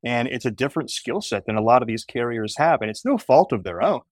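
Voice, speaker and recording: A man's voice: mid-range voice, animated, quick pace, no room sound. A man with a mid-range voice is a podcast guest who explains his work earnestly. He agrees, then builds on the point, and the sound is dry and close. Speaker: guest, company co-founder. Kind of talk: casual podcast conversation.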